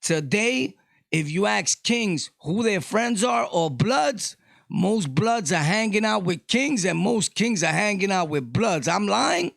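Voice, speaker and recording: A middle-aged man with a New York accent, ranting casually to his viewers, loud one moment and low the next. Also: animated, slow pace, creaky, no echo, clean studio sound. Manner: loud, shifting between shouting and low talk. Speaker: vlogger. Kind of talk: casual rant to camera.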